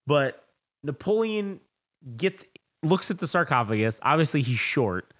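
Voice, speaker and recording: A man with a fairly high voice that swings widely as he tells the story. He co-hosts a film-review podcast in a casual chat, swears freely and acts out lines from the film. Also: measured pace. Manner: animated, profane storytelling, acts out movie lines. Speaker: podcast co-host.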